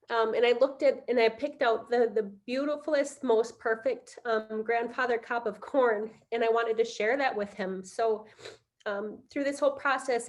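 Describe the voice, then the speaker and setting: A middle-aged woman on a video call, telling a heartfelt personal story on a panel, halting with many fillers. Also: on the high side. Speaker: conference panelist.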